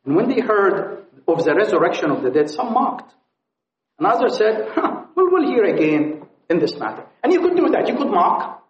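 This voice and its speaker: A man preaching a sermon at a conference, pleading and impassioned, swinging from loud appeals to hushed tones. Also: high-pitched, big pitch swings, normal speed. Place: conference hall. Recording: echoey, dull lo-fi hall recording.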